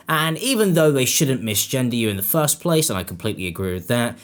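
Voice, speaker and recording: A man doing casual, sarcastic commentary for his channel, rambling and swearing. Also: medium pitch. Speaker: commentary YouTuber.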